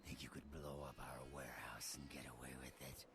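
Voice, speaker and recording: An actor playing a menacing male vampire gang thug who taunts and threatens in a gravelly whisper. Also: very deep voice, steady tone, brisk, a bit bright. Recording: noisy game audio.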